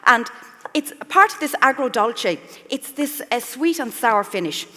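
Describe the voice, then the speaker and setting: A middle-aged woman with an Irish accent runs a live cooking demonstration, chatty and quick to poke fun at herself. Her voice sits fairly high. It carries with the long reverb of a big festival hall. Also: lively intonation, sharp tone. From Ireland. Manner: chatty and self-mocking, laughing often. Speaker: chef giving a cooking demonstration. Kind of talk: live cooking demo on stage. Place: festival stage in a large hall.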